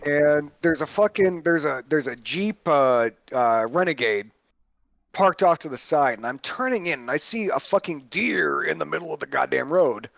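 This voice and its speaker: A man's voice: on the high side, normal speed, gravelly, no echo. A man hosting a podcast, telling a story in a casual way, swearing a lot and stumbling over his words, on dull lo-fi audio. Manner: animated, profane, full of restarts. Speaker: podcast host.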